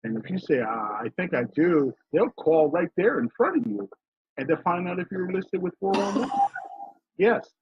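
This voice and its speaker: A middle-aged financial consultant from Philadelphia, telling stories emphatically in a casual interview. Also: male voice, high voice, lively intonation, normal speed, slightly rough, no echo. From Philadelphia, USA. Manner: emphatic, storytelling, acts out quoted dialogue. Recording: dry, tinny phone-like line.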